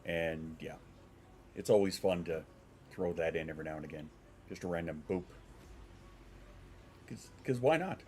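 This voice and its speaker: A man's voice: rumbling low, fairly even intonation, a little fast, long pauses, darkish tone, a little hiss or hum. A congested man streaming from home, chatting casually with his viewers and swearing now and then. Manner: rambling, swears, answers chat.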